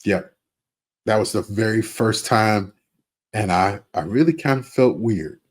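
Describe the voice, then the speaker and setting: A man in his fifties with a husky, somewhat low voice co-hosts a podcast. He talks in an unhurried, candid way, full of fillers and asides. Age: 50s. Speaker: podcast co-host. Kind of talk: casual chat.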